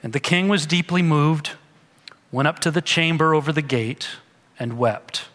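A man's voice: on the high side, moderate pace, a bit bright, long reverb tail. A man preaching a sermon, reading scripture aloud and then explaining it in an earnest, conversational way. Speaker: pastor.

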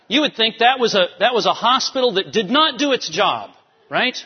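A male pastor giving an animated sermon, swinging between soft, quiet lines and emphatic rises. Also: sits high, normal speed, breathy edge. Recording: dull sound with long hall reverb.

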